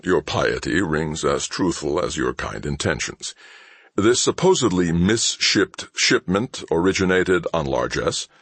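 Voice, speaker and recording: A man voicing a calm, menacing male shipmaster who makes dryly mocking threats in a conversational tone. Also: low-pitched, a little slow, breathy edge, dry recording, heavily acted. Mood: calm menace. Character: cool, menacing male shipmaster, sardonic and unhurried. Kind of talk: audiobook character voice.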